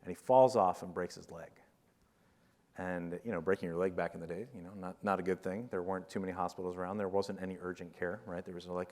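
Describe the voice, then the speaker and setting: A man giving a motivational conference talk, telling a parable in a jokey, rambling, animated way. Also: deep voice, fast talker, big-room sound. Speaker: conference keynote speaker.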